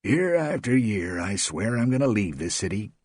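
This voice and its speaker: A man voicing Hugh, a rueful, chatty man at a party, in a slightly raised husky voice. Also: on the low side, very animated, moderate pace, a little mellow, no echo, clean studio sound, voice pushed up.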